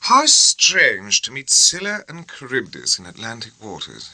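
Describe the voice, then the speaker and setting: A grave, exceedingly courteous young officer speaks in careful, formal phrases, as voiced by a male narrator. The tone is bright and the pitch moves in a lively way. The sound is dry and close. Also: unhurried, dry recording, exaggerated voice, rough recording. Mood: formal puzzled.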